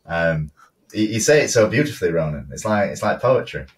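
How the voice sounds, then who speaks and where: A man co-hosting a casual business podcast, chatty and quick to laugh, often restarting his words. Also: low voice, big pitch swings, distant mic. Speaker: podcast co-host, photographer.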